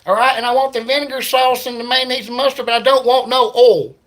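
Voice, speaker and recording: A man's voice: extremely high pitch, steady tone, quick pace, fairly bright tone, pitched above the performer's own voice. A man voicing a fussy rural male sandwich customer with a put-on rural Florida Southern drawl, piling on double negatives. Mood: insistent.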